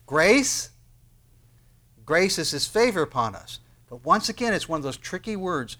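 A male pastor preaching a sermon in an animated way, asking rhetorical questions and raising his voice for emphasis. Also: on the high side, a little fast.

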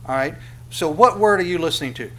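A man preaching a sermon, animated, asking rhetorical questions and repeating phrases for emphasis. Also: a little high, fast. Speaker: pastor.

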